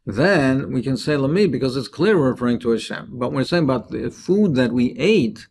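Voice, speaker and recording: Man, Talmud teacher, mid pitch, steady explanatory delivery, faint background rumble. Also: moderate pace. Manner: explanatory, translates Aramaic line by line. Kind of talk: daily Talmud lesson.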